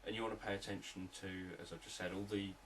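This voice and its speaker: A man, a hypnotherapist, explaining sales techniques in a calm, repetitive, unscripted teaching talk. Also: deep voice, quick pace, far from the mic, a little hiss or hum, poor audio.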